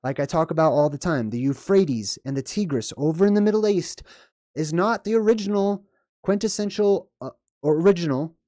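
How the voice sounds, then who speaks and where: Male commentator, mellow tone, dry room, casual and rambling, keeps asking "right?". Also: fairly high pitch, no room sound. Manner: rambling, frequent "right?" and "okay?" check-ins. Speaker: video commentator.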